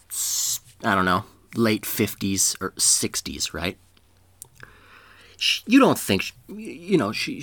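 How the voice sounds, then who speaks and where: A man's voice: lowish voice, vocal fry, a bit bright, no room sound. A man telling a comedic story in a rambling, profane way, laughing at his own jokes.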